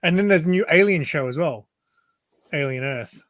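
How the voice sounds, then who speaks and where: A man's voice: on the high side, normal speed, fairly bright tone, no echo, clean studio sound. A man in a casual panel chat, talking hesitantly and unsure of details.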